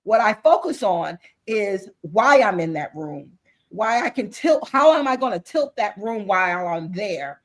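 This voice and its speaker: A woman at a middling pitch, talking over a video call as a guest on an interview show. She speaks with earnest, faith-driven conviction. She often circles back, restarting phrases and repeating words as she builds her point. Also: expressive, measured pace, rough recording. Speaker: guest author and business executive. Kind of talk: impassioned interview talk.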